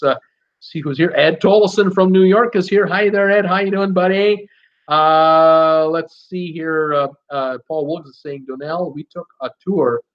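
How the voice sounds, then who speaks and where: A man with a slightly higher-than-usual voice hosts a live stream, reading viewer comments aloud and greeting each person by name. His talk is loose and chatty, full of "uh" fillers. The recording sounds dull and lo-fi. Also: a bit bright.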